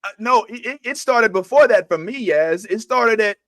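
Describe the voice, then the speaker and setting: A man argues his point earnestly in casual livestream talk. His voice is high for a man, and the sound is dry and close with no room in it. He slips into even higher voices to mimic people. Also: normal speed, hardly any pauses, no room sound. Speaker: podcast co-host. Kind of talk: casual livestream show discussion.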